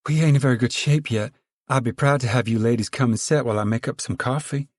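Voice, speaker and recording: A man's voice: mid-range voice, quick pace, darkish tone, no echo, pitched above the performer's own voice, natural voice. A man reading aloud and voicing a stern, weary mother of a poor farm family, scolding in a rural drawl. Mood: flustered polite.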